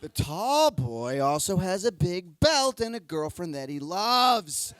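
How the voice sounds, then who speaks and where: A man rattling through roast battle results on a comedy club stage, joking crudely about each fighter and breaking into sudden shouts. His voice sits fairly high. The delivery is loose, rowdy and self-mocking. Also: slow pace, smooth, no echo, studio quality. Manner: crude, excitable, jokey, swings into shouts. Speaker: comedy show bishop recapping fights. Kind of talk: rowdy comic recap.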